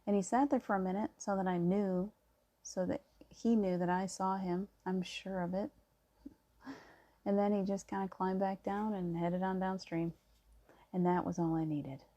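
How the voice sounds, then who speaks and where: Soft-spoken, mellow woman reassuring viewers. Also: medium pitch, fairly even intonation, normal speed. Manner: soft-spoken, reassuring, storytelling with gentle emphasis. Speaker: spiritual vlogger. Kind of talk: casual spiritual monologue.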